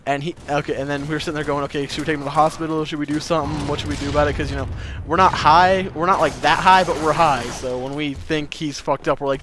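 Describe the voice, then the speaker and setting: A young man vlogging, telling a casual story to camera with animated delivery, acting out other people's voices and swearing freely. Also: a little high, quick pace, noisy background.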